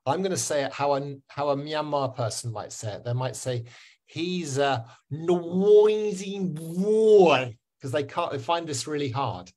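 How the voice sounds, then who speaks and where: A man teaching pronunciation in an online webinar, encouraging and repeating sounds slowly for learners. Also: medium pitch. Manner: encouraging, drills words slowly and repeats them. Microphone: video call.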